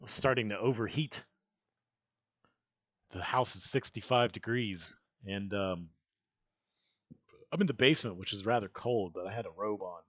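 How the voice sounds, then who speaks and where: A man's voice: on the low side, measured pace, long pauses, a bit bright, no echo. Man, streamer, casual chat, jokey, basement, muffled lo-fi sound. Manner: jokey, tries out silly British voices. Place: basement room. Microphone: headphones on, desk mic.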